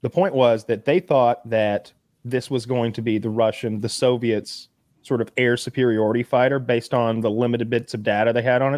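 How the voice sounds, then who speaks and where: A man's voice: medium pitch, a little mellow, dry recording, studio quality. A man on a casual chat podcast, telling stories in a rambling way with many restarts and fillers. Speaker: podcast co-host.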